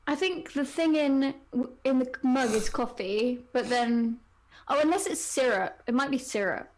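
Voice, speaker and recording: A woman's voice: sits high, unhurried. A woman, co-hosting a fan podcast and chatting casually with a friend. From England. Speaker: podcast co-host. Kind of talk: casual chat.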